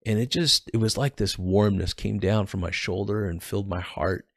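Male podcast host, lowish voice, dry close sound, reads scripture then chats about it earnestly, restarts phrases. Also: moderate pace, vocal fry, dry recording. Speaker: podcast host teaching the Bible. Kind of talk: casual devotional Bible reading and commentary.

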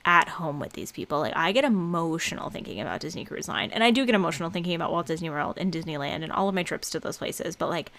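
A woman's voice: sits low, expressive, fast, creaky, hardly any pauses, fairly bright tone. A woman co-hosting a casual chat who laughs often and acts out voices in her stories. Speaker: podcast co-host.

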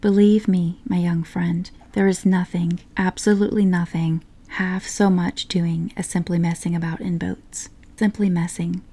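A woman's voice: lowish voice, level tone, a little slow, hardly any pauses, warm tone. A woman voicing a cheerful, boat-loving male water rat in a whispered role-play from a storybook, hearty and dreamy. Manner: hearty, confident, dreamy about boats.

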